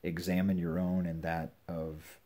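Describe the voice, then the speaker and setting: An older man giving earnest, measured advice on scripture to his children and grandchildren at home. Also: low voice, flat delivery, dark tone. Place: home with a puppy nearby.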